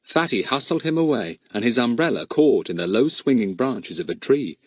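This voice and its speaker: An audiobook narrator reads a children's storybook in an expressive storytelling style, using a mid-range voice at a moderate pace. The scripted narration is studio quality with no room sound.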